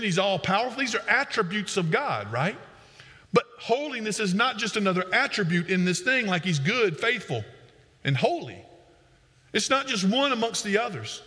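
A man's voice: high-pitched, fairly bright tone, long reverb tail. A man preaching a sermon as pastor, emphatic and repeating words for stress.

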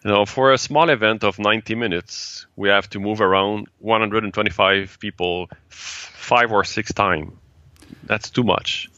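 A man from Quebec with a French-Canadian accent, a native French speaker being interviewed about the events he organizes, speaking halting English and searching for words. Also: lowish voice, fairly even intonation, pushed and bright, no echo, dull audio. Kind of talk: casual interview chat.

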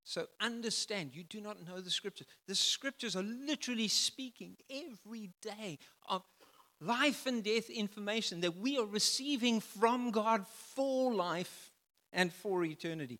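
A man preaching a sermon, emphatic, swinging from loud declarations to soft, quiet phrases. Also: high-pitched, expressive, a little slow, in a large hall. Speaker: pastor.

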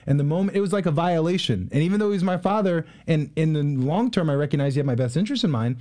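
A man in his twenties, a guest in a casual interview, telling stories in an animated way with many fillers. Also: on the high side, fast. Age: 20s. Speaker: guest, real estate investor.

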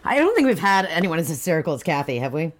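A young woman co-hosting a casual book discussion, retelling the plot with animated, laughing asides and swearing, acting out characters as she goes. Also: sits low, fast talker. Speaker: podcast co-host.

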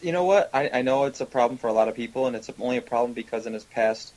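A man's voice: medium pitch, racing, a little mellow, poor audio. A man as guest on a casual video-call chat, talking in an earnest, opinionated way.

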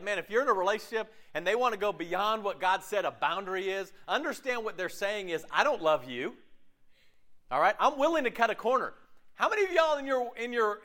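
A man preaching a sermon as pastor, animated and chatty, acting out quoted voices and laughing at himself. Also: high-pitched.

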